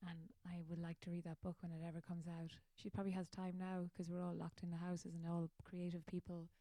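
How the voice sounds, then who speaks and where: An Irish woman hosting her own show in a loose, chatty ramble, poking fun at herself as she goes. Her voice is mellow and warm, recorded dry and close. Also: fairly low pitch, no echo. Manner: rambling, chatty, self-mocking. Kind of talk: casual chat.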